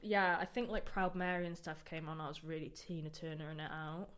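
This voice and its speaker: A young woman chatting on a podcast the morning after a big night out. She tells stories in an animated, candid way, laughing and swearing along the way. Her voice sits slightly on the lower side. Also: brisk, clean tone. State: hungover. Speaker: guest dance instructor. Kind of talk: casual podcast chat.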